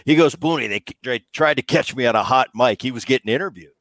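A middle-aged man hosting a casual sports podcast, animated and telling stories with quick impressions of other people. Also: mid-range voice, no room sound. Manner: animated storyteller, mimics others in quotes. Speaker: podcast host, former ballplayer.

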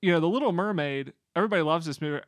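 A man with a fairly high voice chats casually as a podcast co-host, rambling and getting excited as he goes. His voice sounds close and dry, with no room around it. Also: racing, dry recording. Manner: enthusiastic, rambling, excitable bursts. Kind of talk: casual chat about a musical.

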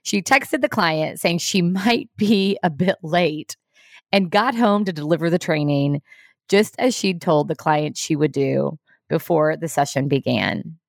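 A woman hosting a short leadership podcast, giving a scripted, encouraging talk with a measured storytelling manner. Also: sits low, creaky, dry recording, studio quality.

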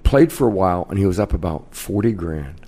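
A man in his fifties from Kansas, a casino host telling lively stories as a guest in a podcast interview. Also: deep voice, a little fast, slightly rough. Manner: brash, animated anecdote-teller.

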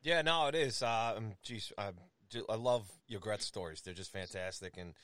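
A middle-aged man hosting a casual chat who speaks haltingly and searches for his words. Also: lowish voice, a bit bright, no room sound. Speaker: host.

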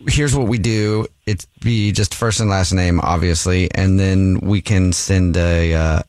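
A man's voice: low voice, fairly even intonation, a little slow, a little mellow, clean tone, no room sound. A man hosting a radio show, playfully posing as a gym employee on a prank phone call. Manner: playful, poses as gym staff. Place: radio studio.

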